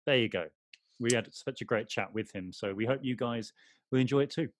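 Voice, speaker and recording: A man's voice: mid-range voice, a little fast, a little hiss or hum. A man co-hosting a podcast in casual chat, teasing and playful in banter. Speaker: podcast co-host.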